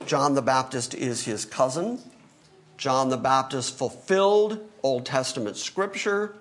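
A man's voice: mid-range voice, animated, unhurried. A male pastor teaching through a Bible passage in an emphatic sermon, acting out the quoted lines. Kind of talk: expository sermon.

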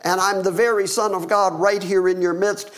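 A male pastor preaching a sermon, with wry asides and dramatic swings in pitch, dropping low for emphasis. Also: little pitch movement, normal speed, a bit bright.

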